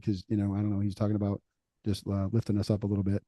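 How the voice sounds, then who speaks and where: A middle-aged man on a faith podcast, talking casually and telling stories with lively acted-out quotes. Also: lowish voice, racing, no room sound. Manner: animated storytelling, acts out quoted voices. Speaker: podcast co-host.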